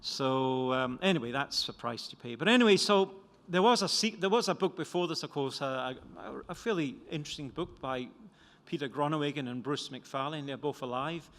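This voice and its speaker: Lecture hall reverb surrounds an older Scottish economist, originally from Scotland, as he presents his book at a conference. His slightly high, slightly bright voice moves at normal speed with few pauses, and his talk is rambling and self-deprecating with frequent restarts.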